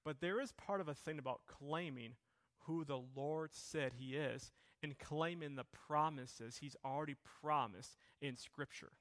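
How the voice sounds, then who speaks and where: A man's voice: on the high side, a little slow, a bit bright. A middle-aged male pastor preaching a sermon with passion, his voice rising and falling.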